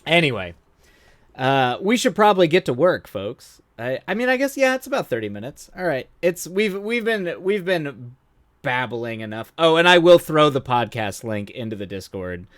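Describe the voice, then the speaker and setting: A man's voice: on the high side, very animated, moderate pace, a bit bright, no echo, studio quality. Rambling, chatty male streamer. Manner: rambling, self-interrupting, laughs often. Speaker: streamer host. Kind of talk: casual live-stream chat.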